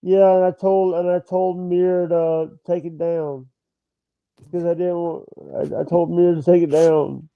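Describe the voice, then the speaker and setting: Brief: male guest calling in, high smooth voice, slow and halting, muffled lo-fi line. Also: little pitch movement, dry recording. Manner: hesitant, halting, repeats himself. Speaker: call-in guest. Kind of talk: casual chat over a call.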